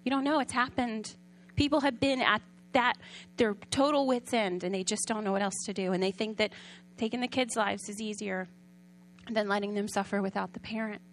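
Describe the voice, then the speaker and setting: A woman preaching a sermon in a conversational storytelling way, often asking the audience questions and sometimes dropping soft and quiet. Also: mid-range voice, steady tone, normal speed, slight background noise.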